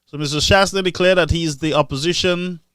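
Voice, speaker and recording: Man, political commentator, animated, mocking, raised voice, dry recording. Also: quick pace, smooth, dry recording. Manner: animated, mocking, swings between loud outbursts and low asides. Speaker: live-stream political commentator.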